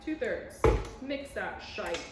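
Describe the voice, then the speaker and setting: A young woman chatting excitedly and making fun of herself while baking in her home kitchen for a vlog. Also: medium pitch, slow pace, roomy sound, over loud music. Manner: chatty, excitable, self-mocking. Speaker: vlogger. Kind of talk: casual cooking vlog.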